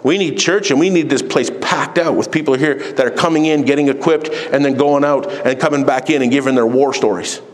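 A man pastor preaching a sermon in church, forceful, with mocking quoted voices. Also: medium pitch, fairly quick, few pauses. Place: church sanctuary. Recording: long hall reverb.

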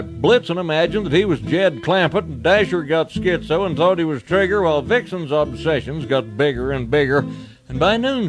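A man reciting a comic cowboy poem in a folksy rhyming style. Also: fairly high pitch. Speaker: cowboy poet.

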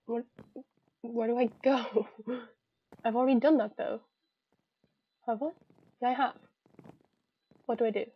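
A woman's voice: on the high side, no room sound, lo-fi sound. A young Irish woman giving chatty, giggly commentary to herself while playing a video game. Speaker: gamer. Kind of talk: casual gameplay commentary.

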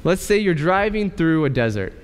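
Preaching pastor with a smooth voice in a reverberant church. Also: male voice, a little high, sing-song. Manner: preaching with rhetorical questions and dramatic pauses. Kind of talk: sermon. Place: church sanctuary.

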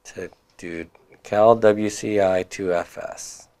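A man's voice: on the low side, fairly even intonation, takes it slowly, darkish tone. A man teaching a class, reviewing homework and prompting students with questions, with occasional chuckles.

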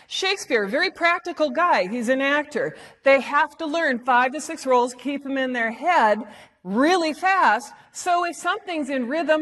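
A high-voiced American woman speaks from an auditorium stage with a playful, theatrical delivery. She acts out lines with relish. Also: a bit bright. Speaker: speaker at a live talk event. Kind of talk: lively presentation talk.

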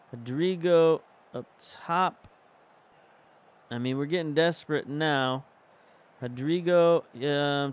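A man's voice: a little high, clear, resonant tone, dull audio. A man casually commentating as he plays a football management game, thinking aloud about tactics and substitutions. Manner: chatty, thinks aloud while managing the match. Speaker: game streamer. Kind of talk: casual commentary while playing.

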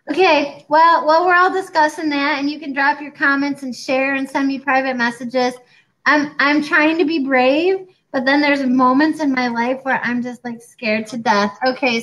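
A woman in her forties co-hosting a casual chat, talking in a chatty, animated way and acting out other people's lines. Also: high voice, moderate pace, low-quality recording. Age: 40s. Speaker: co-host.

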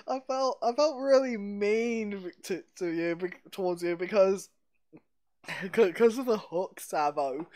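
A man hosts a casual gaming stream on a headset, chatting with a friend and giggling often as he talks. His voice is high-pitched, slow and a little mellow.

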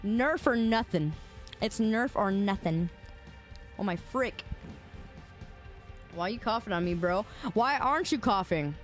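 A woman game streamer in casual live-stream chat, playful and teasing, arguing loudly with her chat. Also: medium pitch, expressive, measured pace, pauses often, faint music behind. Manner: playful, teasing and argumentative, loud when riled.

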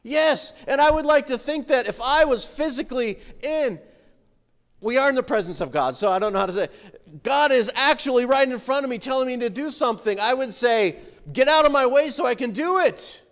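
A male pastor preaching a sermon, animated as he reads scripture and comments on it. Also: extremely high pitch, brisk. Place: church sanctuary. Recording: reverberant church hall.

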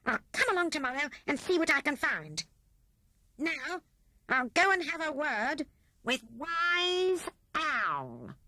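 A woman voicing a sneaky, greedy male rat in a children's storybook, with a squeaky, sly manner. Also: big pitch swings, takes it slowly, sharp tone, heavily acted.

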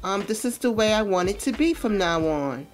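A woman's voice: mid-range voice, animated, moderate pace, natural voice. A woman voicing a strict father in a life-sim game who firmly disciplines his teenage daughter. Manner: firm, scolding.

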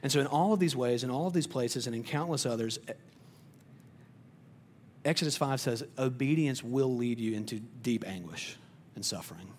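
A male pastor preaching a sermon in a conversational way. He often repeats words as he starts sentences, and he drops to a quiet, soft voice on tender points. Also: mid-range voice, moderate pace, a little hiss or hum.

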